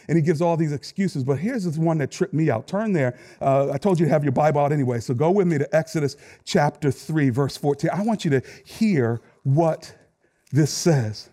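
A middle-aged man delivers a sermon in a notably high-pitched voice. He tells personal stories with animated energy, at times climbing to shouts and at times dropping to a quiet aside. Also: moderate pace. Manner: animated storytelling preacher, rising to shouts. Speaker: pastor.

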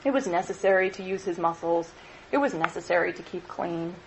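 A woman lecturer reading a novel aloud in an expressive, measured way. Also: on the low side, slight background noise, low-quality recording.

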